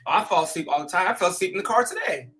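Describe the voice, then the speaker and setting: A man's voice: sits high, rapid-fire. A man hosting a show, telling stories in a casual, slangy way and acting out quotes. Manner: animated, slangy, acts out quotes with laughs. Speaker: show host. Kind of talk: casual storytelling chat.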